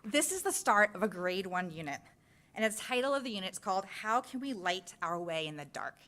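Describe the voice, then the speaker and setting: A woman's voice: mid-range voice, big pitch swings, fairly quick, sharp tone. Woman presenting science curriculum to a board. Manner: explanatory, walks through slides step by step. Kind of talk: presentation at a school board meeting. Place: public meeting room.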